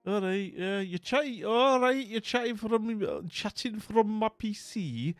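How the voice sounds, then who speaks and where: A man's voice: sits high, animated, a little slow, no echo, voice pushed up. A man doing a put-on Scottish accent, greeting a viewer cheerily on a live stream. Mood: cheery.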